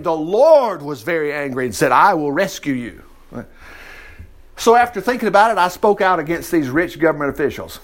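A man preaching a sermon, reading scripture aloud and breaking in with folksy, animated asides and acted-out voices. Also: fairly high pitch.

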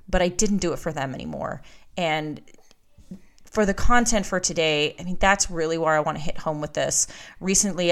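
A woman's voice: lowish voice, a bit bright. A woman hosting her own podcast, talking candidly and emphatically in a motivational monologue. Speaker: podcast host. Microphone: podcast microphone.

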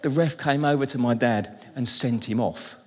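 Lively British preacher in a reverberant hall. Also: male voice, medium pitch, moderate pace, slight background noise. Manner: lively, humorous, calls out to the congregation. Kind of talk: sermon. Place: church hall. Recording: long reverb in a large hall.

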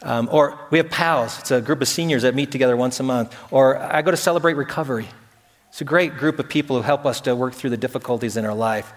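A man's voice: medium pitch, quick pace. A man preaching a sermon as pastor, talking conversationally with emphatic repetitions and acted-out quotes, in a church sanctuary. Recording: echoey hall.

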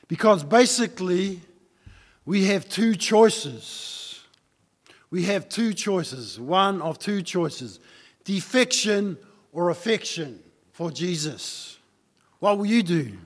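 In a church hall with long reverb, a pastor delivers a sermon, relating a story in a relaxed, chatty manner and pushing his audience with rhetorical question after rhetorical question. He speaks slowly with long pauses, his voice high-pitched and expressive.

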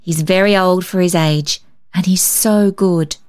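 A woman's voice: fairly low pitch, fairly even intonation, unhurried, darkish tone, close to an everyday voice. A woman reading a storybook, voicing an earnest poor young girl who speaks eagerly and a little hesitantly. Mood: proud. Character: earnest poor young girl, proud of her baby brother.

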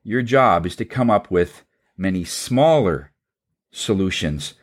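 A man telling a long anecdote in a casual, halting way, voicing the people in it, then drawing a spiritual lesson. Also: low voice, lively intonation. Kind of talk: storytelling talk with a spiritual message.

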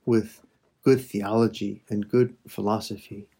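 A man leading a slow, reflective spoken prayer meditation, addressing God and his listeners with soft pauses. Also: lowish voice, level tone, creaky, breathy edge.

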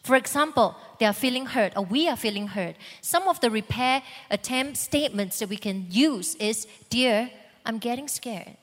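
A woman teaching calmly about marriage alongside a preacher. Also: on the high side, moderate pace, few pauses. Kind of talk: sermon teaching. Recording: long hall reverb.

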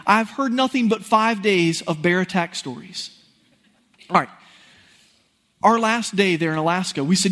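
A high-pitched man preaches a sermon, recounting a personal story in an animated, folksy, conversational manner.

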